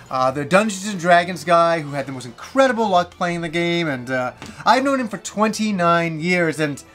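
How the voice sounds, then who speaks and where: Vlogger, man, 40s, higher voice, animated storyteller who swears and laughs as he goes. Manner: animated, swears freely, laughs while telling. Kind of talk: casual storytelling to camera.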